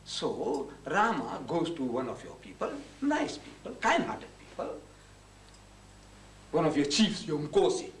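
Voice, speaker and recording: Animated man lecturing. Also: fairly high pitch, unhurried. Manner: animated, acts out conversations with shifting voices. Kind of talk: public lecture, storytelling. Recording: echoey hall, heard from a distance, faint hiss.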